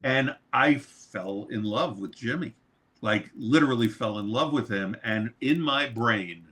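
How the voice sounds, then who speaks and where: A man's voice: medium pitch, a little slow. A man from New York, a record producer and mixer, telling a long story as an interview guest, swearing freely. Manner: animated, swears freely, laughs mid-story.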